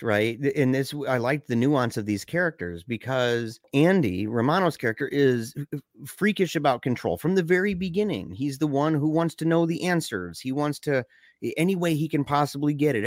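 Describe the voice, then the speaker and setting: Animated man with frequent restarts. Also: dry recording, studio quality. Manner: animated, pitch jumps up when excited, drops low and quiet for somber stories; frequent restarts and stammers, says "you know" and "man". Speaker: podcast co-host discussing a film. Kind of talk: casual conversational discussion.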